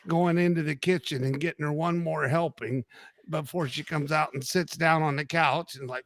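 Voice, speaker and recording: A man with a bright, fairly high voice retells jokes in casual podcast banter. His voice comes across sharp and dry, close to the mic. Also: fairly even intonation, moderate pace, dry recording. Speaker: podcast co-host. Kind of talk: joking banter.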